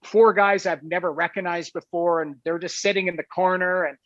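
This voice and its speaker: A man with a high-pitched voice rambles through a casual story and keeps filling his sentences with "like" and "you know". The sound is dry and dull, with no room around it, like a lo-fi recording. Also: steady tone, brisk, fairly bright tone, no room sound. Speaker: guest telling a story.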